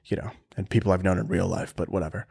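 A man's voice: sits low, fast talker, vocal fry, slightly rough. A man hosting a solo podcast, ranting casually and profanely with lots of fillers. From half Italian family. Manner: profane, rambling, animated. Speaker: podcast host.

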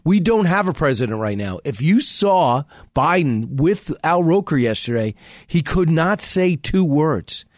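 A man who is a radio host, speaking as a guest in a fast, emphatic political talk conversation full of restarts. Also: a little high, big pitch swings, no room sound, studio quality. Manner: rapid, emphatic, frequent restarts.

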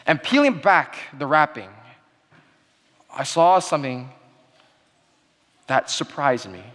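A young man giving a sermon-style talk, telling a childhood story in an earnest way that goes quiet at the sad moments. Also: on the high side. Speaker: speaker giving a Christmas message. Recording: long hall reverb.

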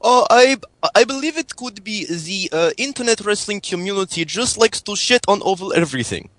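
A boastful Russian caller, put on by a man in a thick fake accent. He talks haltingly, drops his articles and fills gaps with "uh". The voice is pitched up and the sound is dry and close. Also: animated, fairly bright tone, no echo. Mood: earnest.

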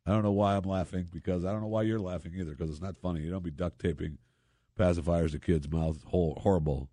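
A man's voice: deep voice, fairly even intonation, fast, dark tone, dry recording, studio quality. A man hosting a talk radio show, reading news stories and mocking them with sarcastic asides. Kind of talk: opinion talk radio monologue.

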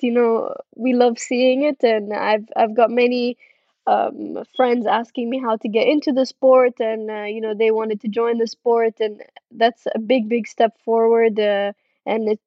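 A young woman with a fairly high voice answers a remote interview in a friendly, halting way, full of fillers and quick laughs. The sound is dry and dull, like a lo-fi video call with no room around her. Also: no echo. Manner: friendly, hesitant with many fillers, laughs often. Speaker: karting driver guest.

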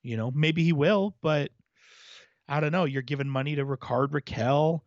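A man's voice: a little high, normal speed, dry recording, muffled recording. A man co-hosting a hockey podcast in casual chat, laying out his points at length in an analytical way. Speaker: podcast co-host.

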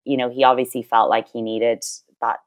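Dublin girl on a podcast, low voice, rambly, lots of ums and restarts. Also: flat delivery, brisk. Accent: Irish, Dublin. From Ireland. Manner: chatty, rambling with fillers and restarts. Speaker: guest, former reality show crew member. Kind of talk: casual podcast chat.

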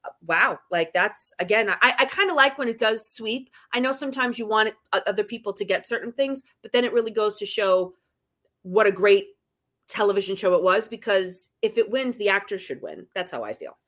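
A woman co-hosts a casual podcast chat. She talks in quick bursts, often restarting and repeating herself. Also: mid-range voice, a bit bright. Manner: chatty, many restarts and stammers. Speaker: podcast co-host.

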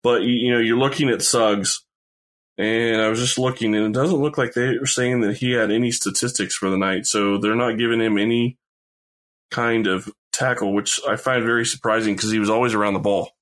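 A man co-hosts a sports podcast and talks through a game in a measured, deliberate way. His voice sits on the low side. His casual delivery stays steady. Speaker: podcast co-host.

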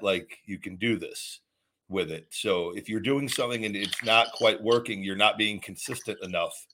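A man with a lowish, sharp-toned voice hosts a call-in podcast. He hands out blunt, rambling fitness advice in a casual, teasing way.

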